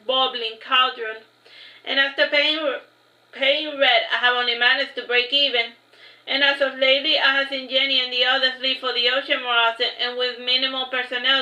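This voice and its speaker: A woman reading her own story aloud in the first person, slow and measured. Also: high-pitched, bright, forceful tone. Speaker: author reading her book. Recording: echoey room, slightly dull sound.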